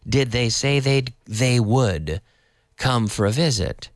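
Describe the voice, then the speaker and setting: A man's voice: mid-range voice, slow, no echo, clean studio sound. A Canadian man with a Canadian English accent, an English teacher on a radio show, explaining casually and rambling a little while spelling words out letter by letter. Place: radio studio.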